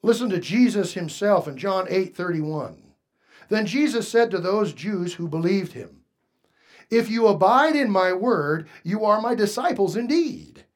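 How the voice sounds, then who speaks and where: A man preaching a sermon, moving from quiet asides to raised, emphatic lines and asking the congregation questions. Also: high-pitched, expressive, a little slow. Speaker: pastor.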